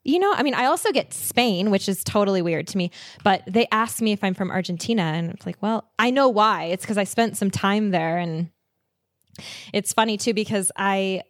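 A woman's voice: mid-range voice, expressive, moderate pace, no room sound, clean studio sound. A woman guest on a podcast, chatting enthusiastically about travel and laughing often. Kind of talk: casual interview chat.

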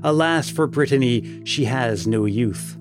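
The weary ghost of an old fisherman, as a man puts him on, speaking in a plain, mournful way. Music runs clearly under this storybook reading. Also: mid-range voice, unhurried, close to an everyday voice.

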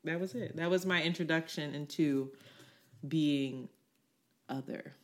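A young adult woman co-hosting a podcast, telling a personal story in casual chat, candid and quick to swear as she acts out what people said. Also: low-pitched. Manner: candid, swears freely, acts out quoted voices. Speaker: podcast co-host.

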